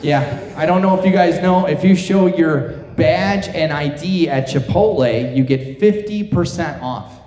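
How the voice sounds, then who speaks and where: A man's voice: fairly high pitch, unhurried, a little mellow. A middle-aged man doing a stand-up comedy set on a theater stage, telling self-deprecating stories and chatting with the crowd. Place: theater stage before a live audience. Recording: echoey theater with long reverb.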